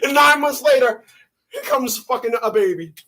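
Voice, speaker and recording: A man hosting his channel in a profane, emphatic rant, often shouting. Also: very high-pitched, animated, moderate pace, background noise. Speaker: channel host. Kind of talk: ranting commentary.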